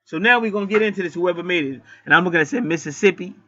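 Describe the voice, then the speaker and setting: A man delivers a blunt, profane spiritual lecture that keeps climbing into heated rants. His voice sits fairly high and comes out sharp and forceful. The sound is dry and a little dull, with no room around it. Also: quick pace, dry recording. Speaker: online spiritual teacher. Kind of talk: profane preaching monologue.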